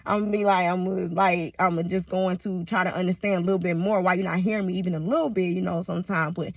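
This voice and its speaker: A woman's voice: on the low side, fairly even intonation, fast, vocal fry, no room sound. A woman talking to camera in a rambling, casual monologue, swearing freely and laughing often. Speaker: vlogger.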